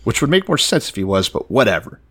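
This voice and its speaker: Guy riffing on bible stories, pitch bouncing all over, swears a lot, acts out the characters. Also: fast, slightly rough. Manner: animated, acts out quoted characters with profanity. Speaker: podcast co-host. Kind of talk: casual chat retelling Bible stories.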